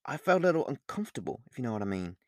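A man's voice: medium pitch, very animated, rapid-fire, dry recording, clean studio sound, close to an everyday voice. A man reading an audiobook, voicing a young woman who is tense and guarded and talks in a raised, emphatic, apologetic way. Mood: uneasy.

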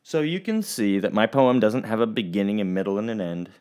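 A man's voice: lowish voice, fairly quick, a little mellow. A young man teaching children a recorded lesson, friendly and rambling, with restarts and fillers. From Oregon, US.

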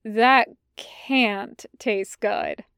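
Woman doing a disbelieving older-brother type in an audiobook, drawn out and clear. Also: on the high side, steady tone, very slow, fairly bright tone, no echo, studio quality. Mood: incredulous.

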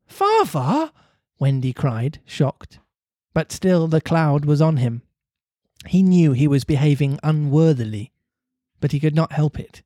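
A man's voice: measured pace, dry recording, studio quality. A man reading a classic children's novel aloud to a co-host, lifting his voice for character lines. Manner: animated reader, lifts pitch for character lines. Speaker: reader and co-host.

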